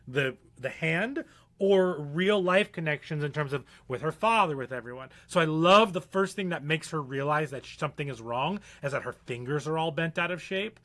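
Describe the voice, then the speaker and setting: A man's voice: on the high side, lively intonation, moderate pace, a bit bright. A man co-hosting a podcast in casual chat, rambling and restarting his sentences. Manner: rambling, with many fillers and restarts. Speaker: podcast co-host.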